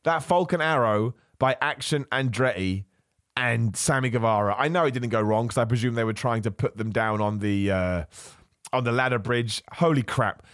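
A man hosting a podcast, ranting in animated casual chat, laughing often and nursing a cough. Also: medium pitch, normal speed, no room sound, clean studio sound. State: has a cough. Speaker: podcast host.

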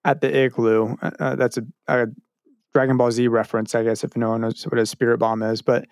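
Relaxed man, mid-pitched, joking co-host. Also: brisk, dry recording, clean studio sound. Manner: relaxed, joking, short agreeing replies. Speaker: podcast co-host. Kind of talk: casual chat about a cartoon.

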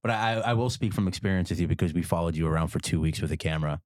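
A man's voice: low voice, a little mellow, no room sound, studio quality. A man hosting a casual conversation, talking loosely with lots of fillers. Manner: quick, loose, filler-heavy talk.

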